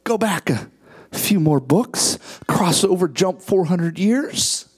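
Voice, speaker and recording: A pastor preaching a sermon with impassioned rhetorical questions, swinging between hushed asides and shouted peaks. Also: medium pitch, lively intonation, slow pace, slightly rough.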